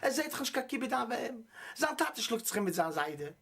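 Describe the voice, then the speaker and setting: A man who is a rabbi, delivering an impassioned, repetitive monologue that swings from low muttering to raised urgency. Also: big pitch swings, a little fast, fairly bright tone, husky. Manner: preachy, emphatic, repeats himself, swings between low mutter and raised urgency.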